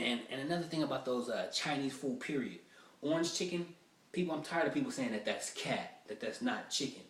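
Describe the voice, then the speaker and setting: Man, stand-up rehearsal, animated, profane, rambling, roomy echo, far from mic. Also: mid-range voice. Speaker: stand-up comedian.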